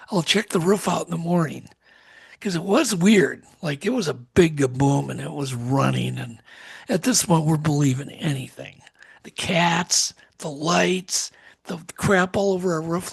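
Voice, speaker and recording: A middle-aged man telling a strange story as a podcast guest, animated and acting out what people said. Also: high-pitched, unhurried, creaky, breathy edge. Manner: animated storyteller, acts out quotes.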